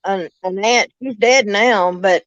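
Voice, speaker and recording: A woman's voice: mid-range voice, slow. Southern woman full of honey and darlings. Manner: drawling, calls people honey and darling. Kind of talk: casual chat. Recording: dry, muffled lo-fi sound.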